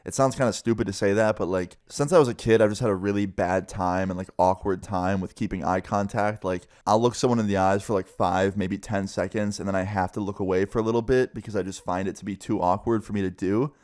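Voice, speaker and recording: In a laid-back storytime vlog, a young man recounts something from his own life to the camera. His delivery is lively, with quick jumps in pitch and offhand swearing.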